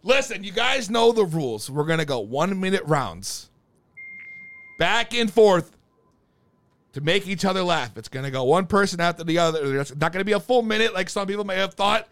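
A man hosting a podcast game show, hyping it up with loud announcer-style shouting. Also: high voice, big pitch swings, moderate pace. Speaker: podcast host.

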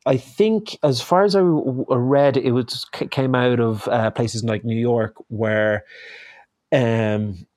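A man's voice: mid-range voice, slow, darkish tone, dry recording. Irish man telling stories in a dry, close sound. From Ireland. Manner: rambling, self-correcting storyteller. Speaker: guest chef. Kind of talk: casual conversation.

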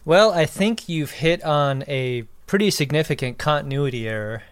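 A man's voice: fairly high pitch, expressive, moderate pace, clean tone, no room sound. A man co-hosting a podcast in casual chat, making dry wisecracks. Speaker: podcast co-host.

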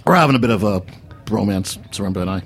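A man's voice: lowish voice, animated, fast, husky. A man co-hosting a podcast, joking and bantering in a casual, playful way. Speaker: podcast co-host.

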